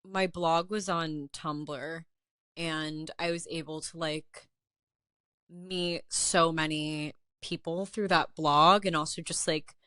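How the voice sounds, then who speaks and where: Young woman telling an animated story. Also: sits low, slow, no room sound, studio quality. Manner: animated, heavy use of "like", acts out quotes. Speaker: interview guest, artist and writer. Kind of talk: casual storytelling chat.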